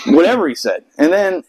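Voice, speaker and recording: A man's voice: sits high, sing-song, unhurried, a little mellow, husky, poor audio. A man from the United States telling a long story in casual chat, profane and rambling, with many restarts. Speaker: podcast host telling a story.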